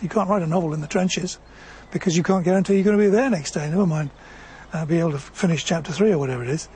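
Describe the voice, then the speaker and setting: A novelist talking about the craft of writing in a measured, wry way. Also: male voice, high voice, husky. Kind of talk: reflective talk on writing.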